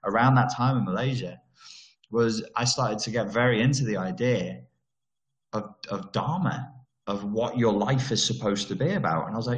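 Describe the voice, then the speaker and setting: On the low side and at a normal speed, this Merseyside man vlogs a ranting monologue in a roomy, echoing space. His delivery is blunt and sweary, laced with sarcasm and mocking voices.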